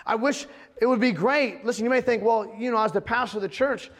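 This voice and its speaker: A man preaching a sermon as the pastor. He tells a personal story with animated storytelling and acts out the lines he quotes. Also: sits high, fast talker, big-room sound. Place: church sanctuary.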